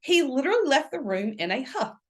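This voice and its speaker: A woman's voice: sits high, sing-song, fairly quick, voice pushed up. A woman voicing a polite, cheerful male lawyer with a British accent.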